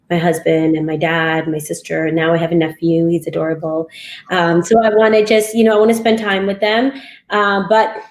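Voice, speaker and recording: A woman's voice: lowish voice, a little mellow. A chatty woman speaking candidly and filling gaps with ums. Her voice rings in a roomy, echoey space. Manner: chatty, candid, lots of fillers. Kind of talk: casual group chat.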